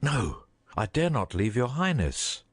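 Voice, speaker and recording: A man voicing a loyal huntsman torn between duty and mercy, in a slow, heavy, pleading delivery. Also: mid-range voice, sing-song, husky. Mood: worried.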